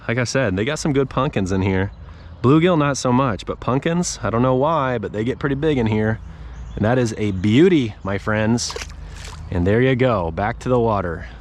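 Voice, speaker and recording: A man's voice: mid-range voice, a little hiss or hum. A man giving casual running commentary while fishing from a paddle board on a lake, chatting to the fish and his viewers. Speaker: fishing vlogger.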